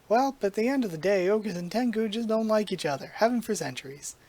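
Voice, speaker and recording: A reader voicing a talking umbrella that talks like a gruff old-movie tough guy, full of brash, folksy wisecracks. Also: medium pitch, expressive, a little fast, a little mellow, voice pushed up, close to an everyday voice. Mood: wisecracking. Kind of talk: reading comic dialogue aloud.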